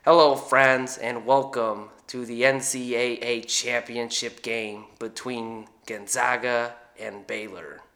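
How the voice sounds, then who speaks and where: A man doing an impression of a famous sports announcer, slow and solemn. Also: level tone, fairly bright tone. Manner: slow, low, solemn broadcast delivery. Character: man imitating a famed golf and college basketball announcer, hushed and measured.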